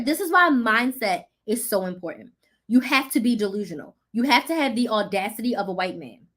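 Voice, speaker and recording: A woman business coach chatting casually on a live stream, excitable, animated and full of slang. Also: a little high, fairly quick.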